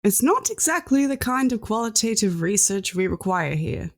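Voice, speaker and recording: A woman's voice: medium pitch, very animated, moderate pace, voice pushed up. A woman voicing a skinny older male scientist who is indignant and snide. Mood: scornful. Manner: snide, scolding.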